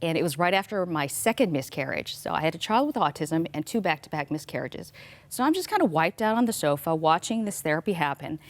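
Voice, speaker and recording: A middle-aged woman with a slightly low voice speaks as a guest on a faith talk show. She tells her story earnestly and reflectively, choosing her words with care. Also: big pitch swings, brisk, no room sound. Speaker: guest author.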